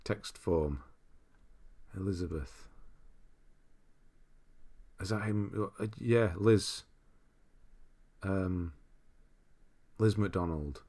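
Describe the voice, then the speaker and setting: A man's voice: deep voice, drawn-out words, pauses often. A man hosting a live stream, chatting casually and reading viewers' messages aloud with frequent laughs. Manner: relaxed, rambling, reads chat aloud with frequent laughs. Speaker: streamer host.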